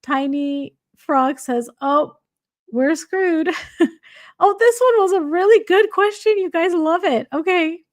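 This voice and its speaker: A woman's voice: very high-pitched, animated, measured pace, no echo, studio quality. A woman hosting a casual livestream, reading viewer comments aloud and laughing often. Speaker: livestream host.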